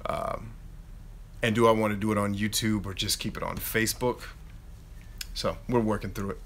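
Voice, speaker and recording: A man in his thirties hosting a casual live Q&A, chatting in an animated way and reading out viewer questions. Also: on the low side, normal speed, slight background noise. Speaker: YouTube host answering live chat.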